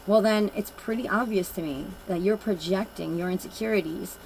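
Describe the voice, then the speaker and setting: A woman's voice: mid-range voice, moderate pace, creaky, darkish tone, a little hiss or hum, rough recording. A woman giving a casual oracle card reading, telling personal stories in a blunt, rambling and emphatic way.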